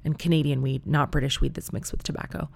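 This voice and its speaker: A woman's voice: low-pitched, steady tone, fast talker, gravelly, darkish tone, husky, no room sound. A woman telling a comic story in a chatty, wry, profane way.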